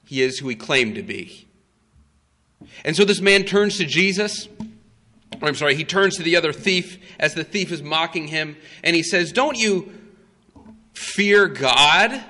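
A man preaching a sermon, his voice bright and forceful and set a little high. He tells the story with slow emphasis and frequent "uh" fillers. Long reverb from a large hall trails behind his words. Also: animated.

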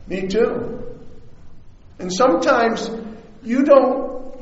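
A man preaching a sermon in a conversational way that rises to shouts. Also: high voice, recorded from a distance. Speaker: pastor. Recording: echoey hall, dull sound.

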